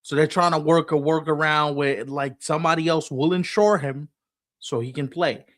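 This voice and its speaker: A man co-hosting a casual sports podcast, animated and acting out quoted people as he talks. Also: fairly high pitch, moderate pace. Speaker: podcast co-host.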